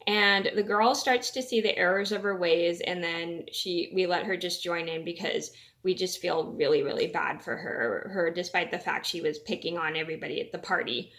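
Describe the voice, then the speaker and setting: A woman's voice: fairly low pitch, moderate pace, fairly bright tone. A young woman vlogger telling a story in a casual, rambling way, full of fillers and restarts.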